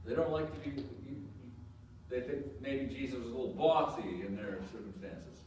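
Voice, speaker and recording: A male pastor preaches in a loose, conversational way, tossing questions to his congregation and circling back over the same phrases. His voice sits at an ordinary middle pitch. It echoes heavily around a church, caught by a mic some distance from him. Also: normal speed, a little mellow, a little hiss or hum. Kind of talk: conversational sermon. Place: church sanctuary.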